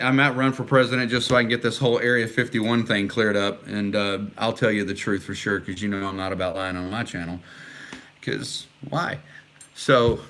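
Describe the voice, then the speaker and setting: With a lowish voice and a sharp tone, a middle-aged man from Texas rambles earnestly and casually through viewers' live comments, using many fillers. A little hiss or hum is audible in the recording.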